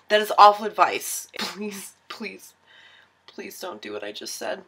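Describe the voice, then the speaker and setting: A young woman records a casual baking tutorial in her home kitchen while tipsy. Her voice has a breathy, husky edge. She rambles, giggles and keeps teasing herself as she goes. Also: mid-range voice, sing-song, normal speed, a bit bright. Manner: giggly, rambling and self-mocking.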